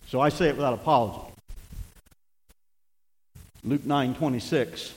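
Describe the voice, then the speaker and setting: An older man preaching a sermon as pastor, swinging between emphatic shouting and hushed, conversational asides. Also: mid-range voice, unhurried, pauses often, in a large hall, low-quality recording.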